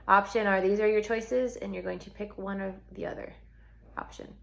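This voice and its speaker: Her gravelly voice sits at medium pitch here, with fairly even intonation and a moderate pace. Explaining the signs for a script, she stays chatty and informal, thinking out loud and peppering her talk with "like" and "um".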